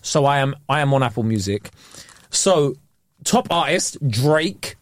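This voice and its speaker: Animated young man with slang. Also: medium pitch, measured pace, no room sound. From England. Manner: animated, mimics voices, slangy banter. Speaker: podcast co-host. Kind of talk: casual chat.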